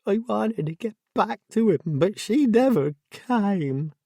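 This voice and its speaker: A woman's voice: medium pitch, huge pitch swings, measured pace, dark tone, husky, dry recording, clean studio sound, voice pushed up, heavily acted. A man voicing a distraught, confused woman who wails, sobs and slips into a sing-song, twittery voice. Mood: wailing. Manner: wailing, sobbing, sing-song.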